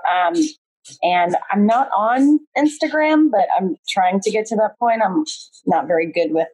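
Casting: woman, husky voice, chatty guest storyteller on a video call. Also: medium pitch, unhurried, a little mellow, rough recording. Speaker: guest, painting business owner. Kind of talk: casual conversational interview. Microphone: remote video call.

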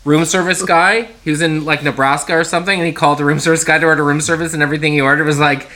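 Bright-toned man in joking chat. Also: fairly high pitch, fairly even intonation, rapid-fire. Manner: slips into mock celebrity impressions. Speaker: podcast co-host. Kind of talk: casual comedic chat.

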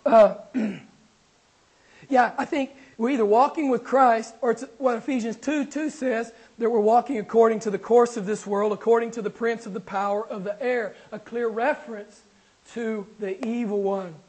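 A man's voice: extremely high pitch, steady tone, normal speed, a little mellow, poor audio. A man preaching a sermon to his congregation, asking questions and talking with them, while losing his voice. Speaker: pastor.

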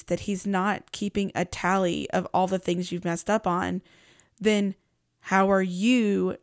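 A woman's voice: medium pitch, vocal fry, no echo, clean studio sound. A woman hosting a Christian podcast, talking in an earnest, reflective, conversational way. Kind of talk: casual devotional podcast talk.

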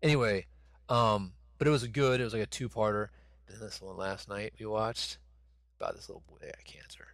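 A man's voice: on the low side, fairly quick, a bit bright, no room sound. A man in his thirties co-hosting a podcast, rambling and swearing in casual chat with lots of fillers. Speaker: podcast co-host.

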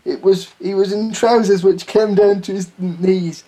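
A man's voice: high-pitched, steady tone, measured pace, dark tone. Guy reading out a silly story, keeps cracking up. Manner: giggly, keeps breaking into laughter. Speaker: podcast co-host reading a listener's story. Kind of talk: comedic reading aloud.

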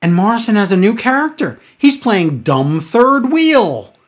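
Animated, exasperated woman recapping wrestling. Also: medium pitch, measured pace. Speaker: podcast co-host. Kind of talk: casual chat recapping a wrestling show.

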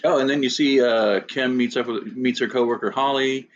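A man's voice: mid-range voice, fairly even intonation, normal speed. A man co-hosting a casual podcast, recounting comic scenes and acting out quotes with laughs. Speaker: podcast co-host summarizing a comic. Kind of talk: casual chat. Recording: dull lo-fi mic with faint hiss.

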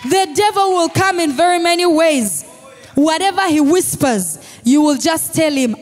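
A woman pastor with a Ugandan English accent, preaching a sermon with shouted declarations and call-and-response to the congregation. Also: extremely high pitch, unhurried, a faint crowd. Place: church hall. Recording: long reverb in a large hall with music.

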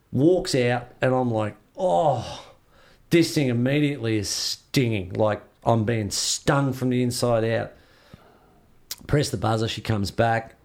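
A man in an interview, casually telling a story and acting out what others said to him. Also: mid-range voice. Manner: lively, acts out what others said. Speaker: interview guest.

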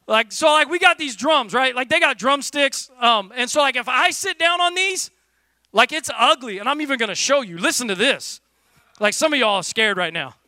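A man preaching a casual, energetic sermon from a church stage, talking loosely with lots of "like" fillers and jokes. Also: very high-pitched, normal speed, no echo. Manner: loose and conversational, full of "like" fillers, jokey. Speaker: pastor.

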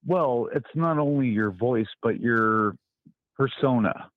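A man's voice: medium pitch, slow pace, no echo. A man who works in radio calling in to chat on a podcast, easygoing and mimicking voices as he tells stories. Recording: dry, dull call-in audio.

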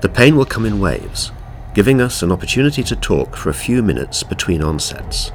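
A man voicing a calm, coldly polite male interrogator, reading an audiobook in a clinical, unhurried, quietly menacing way. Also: low voice, slight background noise, voice pushed up.

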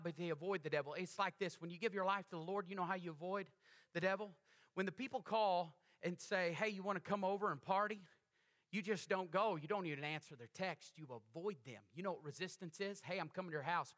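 Male pastor, bright and forceful, animated call-and-response preacher. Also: high-pitched, fast talker. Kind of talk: sermon.

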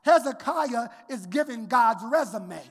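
A woman's voice: a little high, lively intonation, unhurried, breathy edge, big-room sound. A woman preacher giving an emphatic sermon, urging the congregation to answer back. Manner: emphatic, exhorting the congregation, call-and-response.

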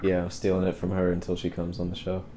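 A man's voice: deep voice, completely flat delivery, quick pace, mellow, slight background noise. A man co-hosting a casual podcast, laid-back and joking. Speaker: podcast co-host.

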